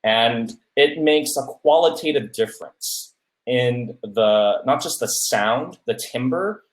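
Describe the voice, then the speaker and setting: A man's voice: medium pitch, lively intonation, slow pace. A man hosting a podcast, casually giving public speaking advice and often checking in with "right?". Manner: many fillers and restarts, asks "right?" often. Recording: roomy echo.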